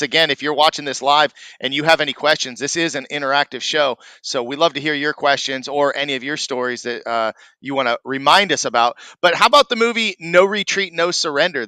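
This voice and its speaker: A man's voice: a little high, sharp tone, no room sound. A man hosting a live interactive podcast, asking the guest questions and addressing viewers. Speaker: podcast host.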